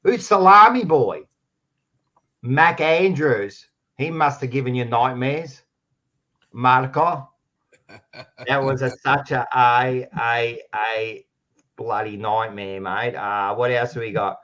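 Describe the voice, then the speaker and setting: An Australian man hosting a sports podcast, loud and teasing, swearing freely in casual banter. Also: mid-range voice, slow pace, pauses often, highs cut off. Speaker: podcast host.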